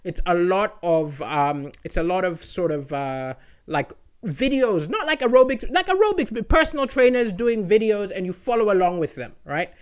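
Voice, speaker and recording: Male comic from malawi doing stand-up, lively swooping voice, chatty. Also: high voice, moderate pace, smooth. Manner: animated and chatty, keeps asking "right?". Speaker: comedian. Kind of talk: stand-up comedy monologue.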